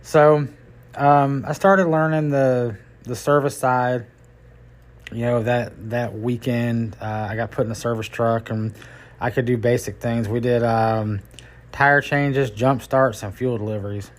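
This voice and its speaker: A middle-aged man tells stories from his working life in a loose, folksy, rambling way. His voice sits at an ordinary pitch. He keeps the tone casual, like a podcast host chatting. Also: fairly even intonation, measured pace. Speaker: podcast host and tow truck driver. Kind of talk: casual storytelling.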